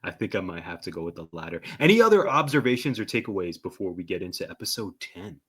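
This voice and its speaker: A lowish, bright male voice hosting a relaxed TV recap conversation. He keeps things upbeat, reads out plot summaries and nudges his guest for her picks. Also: quick pace, breathy edge. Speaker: podcast host. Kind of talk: casual recap chat.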